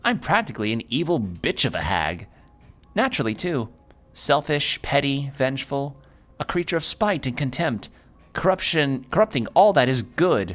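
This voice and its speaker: A man's voice: medium pitch, big pitch swings, a bit bright, voice pushed up. A man playing a spiteful cackling hag woman. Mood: gleeful. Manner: mocking, slow and drawn-out. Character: spiteful cackling female hag, sharp-tongued.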